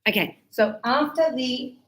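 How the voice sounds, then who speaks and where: A middle-aged woman teaching an English class, chatty and animated, acting out examples with loud calls. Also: high voice, unhurried, poor audio. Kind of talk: classroom lesson.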